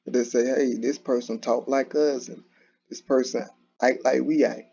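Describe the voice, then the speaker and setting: Man, gravelly, casual solo commentary, restarts a lot, lo-fi dull recording. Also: medium pitch, steady tone, normal speed, warm tone. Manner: conversational, repetitive, with frequent restarts and "you know". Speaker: commentary channel host.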